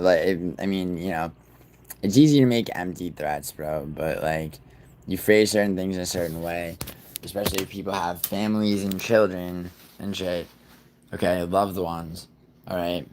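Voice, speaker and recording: A man's voice: low voice, darkish tone, a little hiss or hum. A man hosting a livestream in a rambling, profane way, talking straight to his chat. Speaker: livestream host. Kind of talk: casual livestream chat with viewers.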